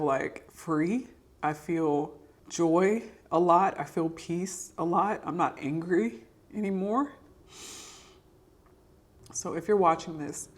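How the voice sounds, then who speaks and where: A young adult woman sharing a personal faith testimony to camera, earnest and encouraging. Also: fairly low pitch. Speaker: podcast host sharing testimony. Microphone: camera mic.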